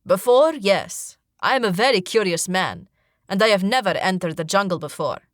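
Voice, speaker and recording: A woman's voice: medium pitch, lively intonation, moderate pace, no room sound, natural voice. A loyal male warrior speaks in stiff, formal sentences, stern and protective toward his queen, as a woman reads him out. The voice sits mid-range with a dry, close sound. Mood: earnest.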